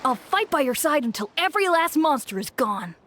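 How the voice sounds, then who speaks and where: A woman's voice: high-pitched, very animated, a little fast, a bit bright, slight background noise. A woman voicing a young, loyal game companion who talks in an eager, determined way. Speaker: game character. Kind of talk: voiced game dialogue. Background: faint game music.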